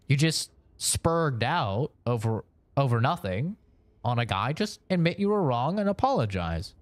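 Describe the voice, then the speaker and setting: Chatting loosely and profanely with his stream's chat, this young Oregonian wanders from point to point and laughs in between. The recording of his mid-range voice is dry.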